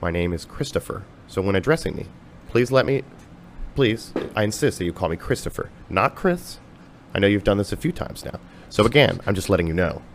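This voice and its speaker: A man's voice: on the low side, brisk, slight background noise. A man mimicking a stiff, robotic male booker. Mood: prim insistent. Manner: monotone, repetitive, overly polite.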